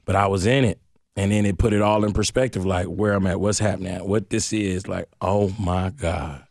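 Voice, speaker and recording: Animated storytelling man from Detroit, dry sound. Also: deep voice, normal speed, gravelly, dry recording. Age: middle-aged. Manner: animated, slangy storyteller acting out voices. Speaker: guest. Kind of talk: storytelling in a radio interview.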